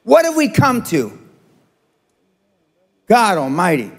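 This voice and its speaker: An older man slowly works through a blunt, foul-mouthed motivational talk, his high, husky voice swooping wildly in pitch. The live audience sits in a large seminar hall, captured in a reverberant recording.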